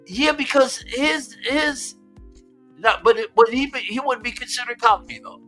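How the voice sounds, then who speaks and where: Host, American man, high, bright voice, lively stream chat, repeats himself when he gets excited. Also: measured pace, faint music behind. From United States. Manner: animated, excitable, repeats words, laughs often. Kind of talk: casual chat.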